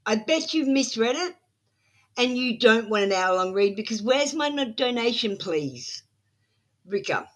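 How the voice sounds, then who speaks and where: A woman running a live tarot stream who sounds flat and matter-of-fact. She is blunt with her viewers and scolds them when they ignore her instructions. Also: on the high side.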